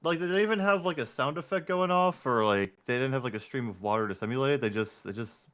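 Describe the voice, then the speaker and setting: A man's voice: mid-range voice, fast talker, a bit bright. A young man talking casually about films as a guest, making dry jokey remarks. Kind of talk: casual film chat.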